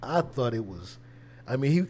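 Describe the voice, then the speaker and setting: A man's voice: mid-range voice, sing-song, moderate pace, darkish tone, slight background noise. A man who is a preacher, hosting a casual livestream with conversational, preachy commentary and a habit of repeating words. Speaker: preacher and show host.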